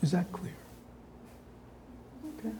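A man giving a dharma talk to an audience, pausing often on fillers and checking in with rhetorical questions. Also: dark tone. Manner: halting, with many filler pauses. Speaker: dharma teacher.

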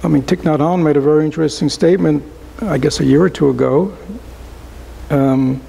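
A man giving a relaxed, conversational dharma talk to a small group as a Buddhist teacher, often asking rhetorical questions and adding "right?". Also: fairly high pitch, brisk, vocal fry, husky, low-quality recording.

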